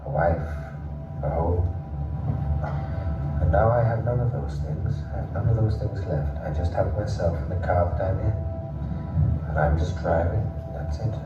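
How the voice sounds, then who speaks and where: Actor doing a low-voiced welsh guy driving alone, flat and beaten, muffled with loud car noise. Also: normal speed, pauses often, roomy sound, lightly acted. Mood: resigned. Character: lone man driving, lost everything, weary. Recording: dull muffled audio from a distance.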